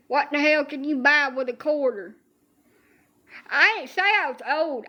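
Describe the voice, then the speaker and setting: A woman's voice: on the high side, sharp tone. A woman, ranting profanely in a casual comedic monologue about her aching body. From Alabama. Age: 30s. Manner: profane, exaggerated complaining storytelling. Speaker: social media streamer.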